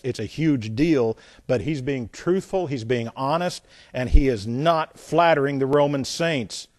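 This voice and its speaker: A man teaching a Bible lesson as a pastor, emphatic, repeating phrases and swinging between loud points and quiet asides. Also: mid-range voice, dry recording, studio quality.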